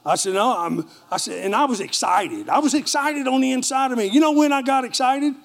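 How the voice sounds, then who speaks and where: A middle-aged male pastor delivers a sermon, telling a story with energy and turning to the congregation for responses. His voice sits high for a man. He preaches with a lively, storytelling manner. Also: fairly quick, creaky.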